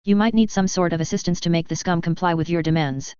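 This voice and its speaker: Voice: medium pitch, steady tone, quick pace, darkish tone, clear, resonant tone, dry recording, dull audio, lightly acted. A narrator voicing a proud, brutish female Krogan warrior who talks bluntly and formally. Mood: gruff.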